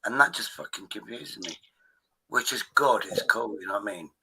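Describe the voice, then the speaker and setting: Forceful, cursing streamer. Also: male voice, lowish voice, expressive, normal speed, gravelly, rough recording. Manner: rambling and profane. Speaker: live stream host. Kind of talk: casual chat.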